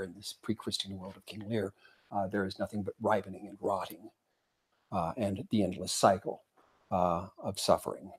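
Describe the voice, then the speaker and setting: Halting man giving a dharma talk. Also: on the low side, husky. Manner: halting, many "uh" fillers, reads quotations aloud. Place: zen center meditation hall.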